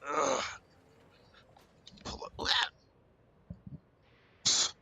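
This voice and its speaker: A man's voice: lowish voice, moderate pace, bright, forceful tone. A man with an American accent streaming a game on a headset mic, chatting casually and thinking aloud with plenty of ums. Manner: thinks aloud with many fillers. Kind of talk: casual gameplay chat.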